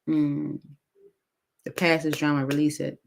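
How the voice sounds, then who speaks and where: A woman reading tarot cards aloud in a casual, chatty way, thinking out loud with many fillers. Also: sits low, level tone, measured pace, vocal fry, slight background noise. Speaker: tarot reader.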